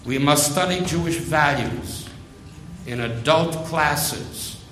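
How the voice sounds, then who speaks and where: Slow, emphatic preacher man in echoey room. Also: fairly high pitch, a bit bright, a little hiss or hum. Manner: slow, emphatic, repeats phrases. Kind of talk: sermon.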